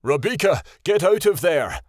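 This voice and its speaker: A man voices a serious, protective young male wolf, sounding stern and urgent. His mid-range voice is animated and moderately paced, pitched above his own yet natural, in a dry, studio-quality recording.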